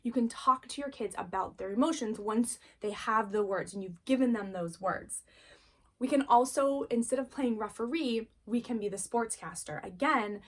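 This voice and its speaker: A mother leads a parenting lesson in a slightly high voice. She speaks earnestly and encouragingly, like someone chatting with other parents. She keeps coming back to short key phrases. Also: moderate pace. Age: adult parent. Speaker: parenting course teacher. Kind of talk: casual spoken lesson.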